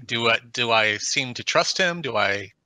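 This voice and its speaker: Sharp-voiced man declaring his moves. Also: medium pitch, animated, moderate pace, dry recording. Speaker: player. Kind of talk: tabletop game chat.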